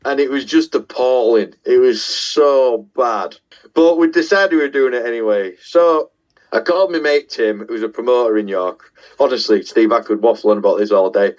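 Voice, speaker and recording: Here a middle-aged guest musician with a Yorkshire accent speaks at normal speed, his medium-pitched voice a little mellow. He tells casual stories at his own expense, with the occasional swear word, on lo-fi sound.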